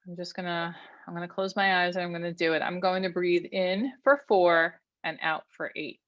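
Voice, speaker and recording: A woman therapist leading an online workshop, calmly guiding a breathing exercise and teaching, counting slowly and giving instructions. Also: fairly low pitch, dry recording, highs cut off. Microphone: online video call.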